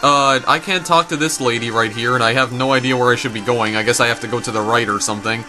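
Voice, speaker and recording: A man's voice: medium pitch, steady tone, fast, music in the background. A man playing through a story game, reading its text aloud and adding casual remarks, often tripping over names. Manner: reads dialogue aloud, stumbles over names. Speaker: gameplay narrator.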